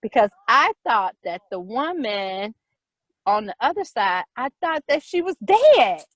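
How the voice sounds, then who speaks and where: A middle-aged woman casually telling a personal story, animated, with quick repetitive retelling. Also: fairly high pitch, dry recording, poor audio.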